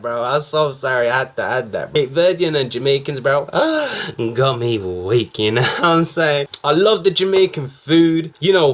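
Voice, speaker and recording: Excitable slangy young man reacting. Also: mid-range voice. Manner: excitable, slang-heavy, chatty. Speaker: reaction video host. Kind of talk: casual reaction commentary.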